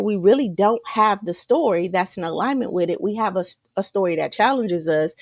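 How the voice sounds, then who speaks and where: Gravelly-voiced energetic woman coach. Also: medium pitch, dry recording. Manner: energetic, repetitive, rhetorical questions, keeps saying "you guys". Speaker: motivational coach. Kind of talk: live motivational talk to an online group.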